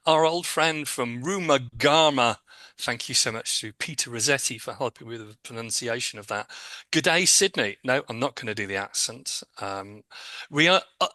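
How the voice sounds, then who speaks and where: A man's voice: medium pitch, pushed and bright, dry recording. A man hosting a podcast, reading listener questions aloud and teasing his co-hosts dryly. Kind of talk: casual podcast chat.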